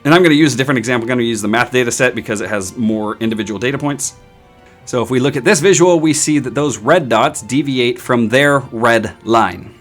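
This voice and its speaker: A man teaching statistics in a screen-recorded lecture, with playful, self-mocking asides and sudden high-pitched outbursts. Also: fairly quick, a bit bright, soft background music. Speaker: statistics instructor.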